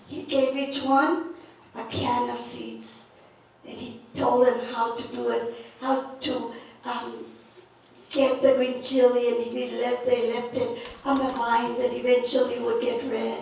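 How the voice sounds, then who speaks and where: Slow, high-voiced woman storyteller from New Mexico. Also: gravelly. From northern New Mexico. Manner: lively, laughing, slow telling. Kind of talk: folk tale storytelling. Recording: echoey, from far off.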